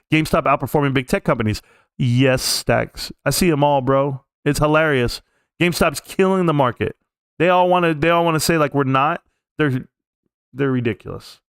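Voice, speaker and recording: A middle-aged man hosting a live stream, telling a personal story in a casual, rambling way and getting animated at the tense parts. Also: dry recording, clean studio sound. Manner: animated, jumps up in pitch when reliving tense moments.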